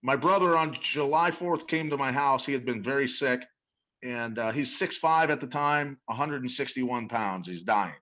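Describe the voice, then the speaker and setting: Dull audio captures a middle-aged man with a mid-range voice and sharp tone, talking at a moderate pace. As an interview guest, he tells lively, emphatic stories about a product and earnestly repeats words along the way.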